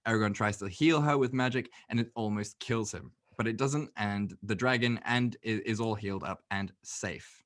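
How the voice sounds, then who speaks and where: A man co-hosting a movie podcast, recapping a film plot in casual, animated chat and swearing freely. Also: lowish voice, normal speed, few pauses. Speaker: podcast co-host.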